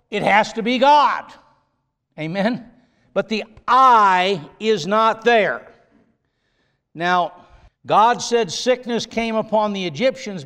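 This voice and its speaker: Slow, emphatic high-voiced male preacher. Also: a bit bright, clean tone, in a large hall. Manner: emphatic, drawn-out stresses on key words. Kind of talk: sermon.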